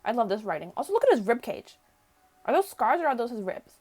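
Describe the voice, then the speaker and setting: A woman's voice: on the high side, sing-song, fast talker, a little mellow, faint music behind. A woman giving casual, incredulous and joking commentary while playing a game and reading its text aloud. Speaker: let's play gamer.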